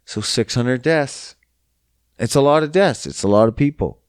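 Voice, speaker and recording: With lively intonation and a moderate pace, a young Canadian podcast host rants on his own in a casual, profane way, mocking and exasperated throughout. His mid-range voice has a clean tone, and the studio-quality audio has no echo.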